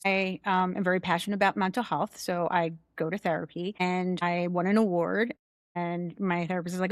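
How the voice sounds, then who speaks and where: Candid woman guest, young adult, lower register, close dry studio mic. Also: brisk, dry recording. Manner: candid, animated storyteller. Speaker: guest, chief financial officer. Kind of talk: casual interview chat.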